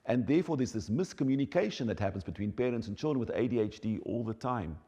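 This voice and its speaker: A South African man gives an explanatory talk on child development, teaching in an animated, emphatic way. His mid-range voice is husky and fast, the highs cut off, and the recording has a long hall reverb.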